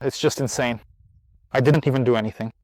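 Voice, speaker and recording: A man's voice: mid-range voice, steady tone, a little fast, a little mellow, no echo. A man hosting an outdoor riding lesson, out of breath and tired, chatting in an encouraging way. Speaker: riding instructor and host. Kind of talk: casual outdoor lesson vlog. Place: outdoors at a riding spot in the heat.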